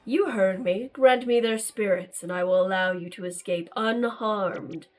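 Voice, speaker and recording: A woman voicing a menacing male emissary from a dark realm, speaking in slow, ominous, drawn-out threats. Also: medium pitch, voice pushed down, close to an everyday voice.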